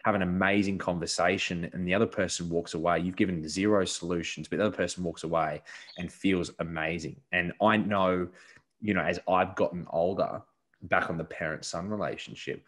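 A very deep-voiced man hosting a casual podcast chat. He tells stories in a lively, animated way and acts out bits of conversation. The talk is relaxed and unscripted. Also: fairly quick. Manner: animated storytelling with acted-out quotes and swearing. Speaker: podcast host.

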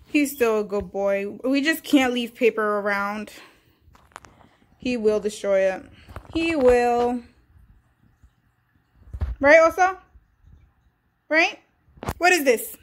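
Lively high-voiced woman talking to her dog. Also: slow pace, pauses often. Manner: playful, exclaiming, talks to her dog and viewers. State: hyper from coffee. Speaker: vlogger. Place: at home indoors.

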